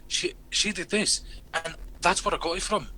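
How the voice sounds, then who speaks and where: A man's voice: high voice, moderate pace, slight background noise. A British man chatting casually as a player at a tabletop game, telling jokey stories. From Britain. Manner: animated storyteller, jokey.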